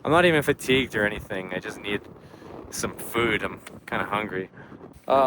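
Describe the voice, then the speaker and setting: A man's voice: medium pitch, normal speed, noisy background. A young man vlogging casually outdoors on a mountain hike, chatty and upbeat with lots of fillers. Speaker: hiking vlogger. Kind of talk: casual vlog talk to camera.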